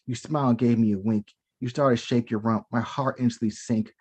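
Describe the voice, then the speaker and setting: A man reading his spoken-word poetry aloud from home over a video call. His delivery is rhythmic and theatrical, settling into a lower, hushed tone when the verse turns sensual. His pitch sits in an ordinary middle range. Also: fairly even intonation, brisk, slightly rough. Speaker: performing poet.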